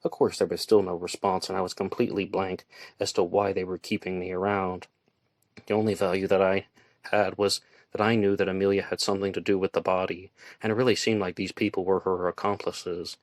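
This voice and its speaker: A man reading a first-person thriller audiobook in a tense, measured storytelling manner. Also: deep voice, flat delivery, dry recording. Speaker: audiobook narrator.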